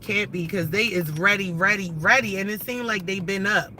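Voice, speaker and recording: A woman on a casual livestream, talking in a bright, sharp voice. She rants loosely and excitably, swearing freely and jumping from thought to thought. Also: medium pitch, moderate pace, slight background noise, low-quality recording. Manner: animated, profane, rambling and excitable. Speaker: livestream host.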